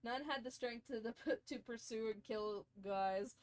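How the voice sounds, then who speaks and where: Woman streamer, somewhat high voice, casual lore reading at a home desk mic, stumbly and giggly. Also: unhurried. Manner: stumbles and restarts words while reading, giggly. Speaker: video game streamer. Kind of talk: reading game lore aloud, casual chat. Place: home, at her computer.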